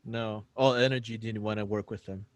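A man's voice: fairly low pitch, steady tone, brisk, no room sound. A man co-hosting a podcast who tosses in joking, wry asides. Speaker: podcast co-host. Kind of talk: casual chat.

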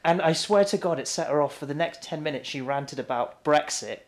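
A woman co-hosting a podcast, telling an anecdote in a casual, animated way and laughing easily. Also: low-pitched. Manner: animated storyteller, quick to laugh. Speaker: podcast co-host. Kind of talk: casual chat.

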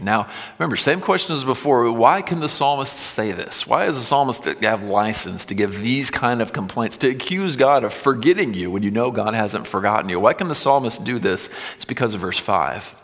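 A male pastor preaching a sermon, reading scripture with swelling intensity and dropping low and quiet between passages. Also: animated, moderate pace. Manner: reads scripture with rising intensity, then drops low and quiet. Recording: long hall reverb.

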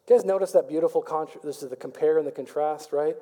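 A man preaching a sermon as pastor, building to fervent calls and rapid questions to his congregation. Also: on the high side, dark tone. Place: church sanctuary. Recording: long reverb of a large hall.

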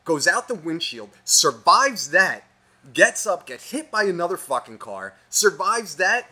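A young man co-hosting a podcast, telling a story in a casual, profane, animated rant. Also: a little high, slight background noise. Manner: swears constantly, animated ranting. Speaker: podcast co-host.

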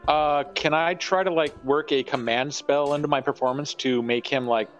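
A man's voice: a little high, steady tone, normal speed, a bit bright, dull audio, faint music behind. A man playing a tabletop game, thinking aloud and hesitating over his moves. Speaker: player.

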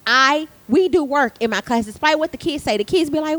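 A woman in her thirties who teaches theater arts tells a work story on a casual podcast, swearing a lot and acting out quotes in an animated way. Her voice is high-pitched and a little fast. The recording is rough but has no echo.

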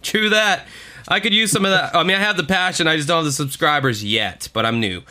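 A man's voice: fairly high pitch, fast talker, sharp tone. A man co-hosting a podcast, chatting in a rambling, profane, self-deprecating way. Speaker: podcast co-host. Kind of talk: casual podcast chat.

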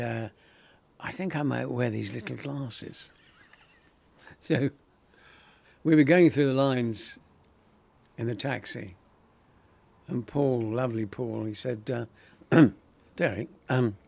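An older actor telling lively anecdotes in an interview, acting out other people's lines and laughing often. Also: male voice, mid-range voice, slow pace, gravelly, pauses often, breathy edge. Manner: animated storyteller, acts out quoted voices, laughs often. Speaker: actor guest.

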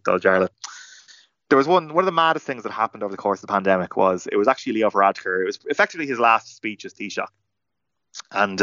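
A young Irish man tells a story at a quick clip, acting out quotes and tripping over restarts. The sound is dull and lo-fi, and it is very dry. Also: on the low side, no echo. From Ireland. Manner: animated, acts out quotes with many restarts. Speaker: journalist guest. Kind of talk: storytelling in a podcast interview.

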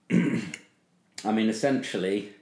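A man's voice: on the low side, very slow, creaky, slight background noise. Rambling man in a roomy room. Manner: rambling, animated, swears casually, many fillers. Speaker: podcast co-host. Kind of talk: casual chat. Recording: roomy echo.

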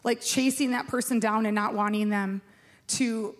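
A woman's voice: fairly high pitch, fairly even intonation, moderate pace. A woman pastor giving a sermon in a chatty, self-mocking way, asking the room questions.

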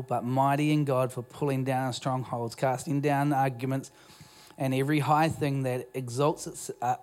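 A man's voice: mid-range voice, a little mellow. A man with a New Zealand accent preaching a sermon as pastor in a church, in a conversational, self-deprecating way with frequent restarts. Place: church auditorium.

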